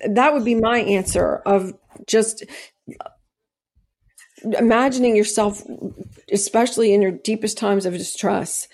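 Woman, middle-aged, podcast guest, earnest, rambling, many fillers and restarts, mid-pitched voice. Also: steady tone, unhurried, long pauses, a little mellow. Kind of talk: conversational interview, personal testimony.

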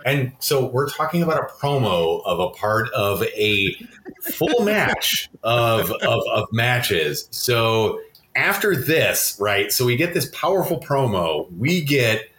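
Bright, emphatic man in a roomy echo. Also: medium pitch, very animated, slow pace, slight background noise. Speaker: podcast co-host. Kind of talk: casual chat.

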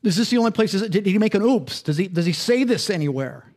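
High-voiced pastor preaching conversationally. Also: male voice, animated, fast talker, darkish tone. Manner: conversational, interactive, asks the congregation questions. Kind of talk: sermon.

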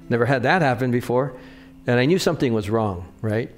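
A man's voice: medium pitch, lively intonation, moderate pace. Conversational male pastor preaching. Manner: conversational, often checks in with the congregation. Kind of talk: sermon with personal storytelling.

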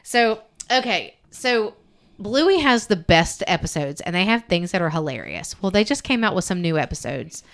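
A woman's voice: fairly low pitch, very animated, normal speed. A woman co-hosting a podcast, chatting casually and rambling through stories with lots of "like". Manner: chatty, rambling storyteller full of "like". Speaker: podcast co-host. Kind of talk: casual chat.

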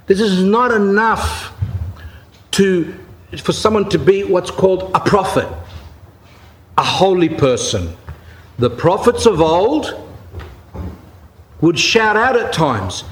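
A man preaches in an unscripted, chatty way, mixing stories with emphatic points. His voice sits a little higher than most men's and climbs further when he stresses something. He reads from an account and then retells it in his own words. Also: sing-song, slow. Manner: reads aloud from a written account then paraphrases it. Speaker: Orthodox Christian speaker giving a talk. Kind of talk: informal spoken sermon with anecdotes.

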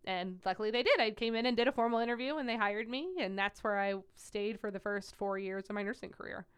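A young woman working as a pediatric nurse, telling stories in an animated interview with many "like" fillers. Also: medium pitch, fast talker, smooth. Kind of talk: conversational interview storytelling.

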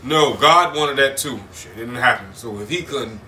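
Brash co-host, bright edgy voice, slightly off-mic with faint hiss. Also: male voice, mid-range voice, normal speed. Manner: loud, profane, mocking. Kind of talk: heated casual debate. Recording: distant mic with faint noise.

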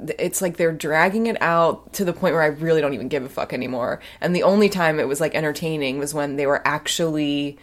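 A woman's voice: sits low, fast talker, hardly any pauses. A woman co-hosting a podcast in casual chat, talkative and candid with lots of fillers. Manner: chatty, many fillers, candid opinions. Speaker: podcast co-host.

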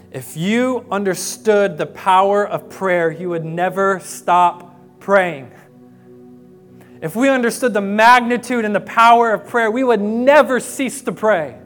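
A young adult man, a pastor, preaching a sermon with storytelling, moving from hushed, quiet passages to emphatic rises. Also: high voice. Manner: storytelling, voicing quoted people, swings from hushed to emphatic.

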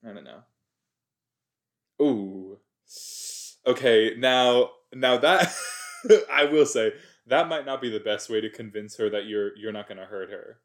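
A man giving chatty, excitable reaction commentary as he watches a TV episode, gasping and exclaiming along. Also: medium pitch, a little slow, pauses often. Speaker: reaction video host.

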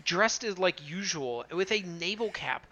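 A man's voice: high voice, lively intonation, unhurried, dull audio, crowd noise. A man co-hosting a casual podcast, exasperated and swearing about an anime he watched. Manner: exasperated, swears freely, laughs. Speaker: podcast co-host. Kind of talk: casual anime review chat.

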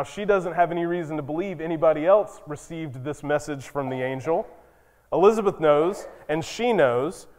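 Conversational pastor with a fairly high voice. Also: male voice. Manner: conversational, storytelling, emphatic. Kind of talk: sermon. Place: church sanctuary. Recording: long reverb in a church.

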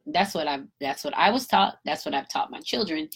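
A woman giving an emphatic, animated casual commentary, a parent talking in her own voice. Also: medium pitch, moderate pace, hardly any pauses, husky. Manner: emphatic, animated storytelling with acted-out quotes.

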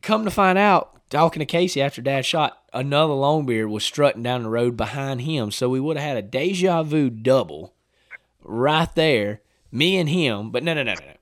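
A man with a drawl tells a hunting story in relaxed podcast chat, his voice mid-pitched and recorded dry and close. He acts out what people said with sudden bursts of excitement and laughter. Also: normal speed, no room sound. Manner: animated storyteller, acts out quotes, laughs often. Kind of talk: casual chat.

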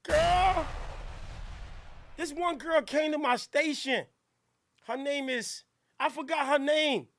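A man from Newark with a New Jersey accent, hosting a hip hop radio show in a loud, joking, crude manner. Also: extremely high pitch, takes it slowly, creaky, pauses often.

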